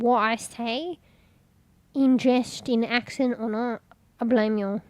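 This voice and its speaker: A woman's voice: fairly high pitch, fairly even intonation, takes it slowly, a little mellow, no echo. A woman, chatting casually and rambling while streaming, swearing offhand and sounding congested.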